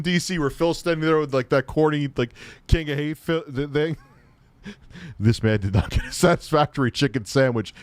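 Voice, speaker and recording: A man with a slightly high voice, recorded without echo, rants as a commentary host. He is an adult talking to his peers, laughing frequently, cursing freely, and sounding mockingly incredulous.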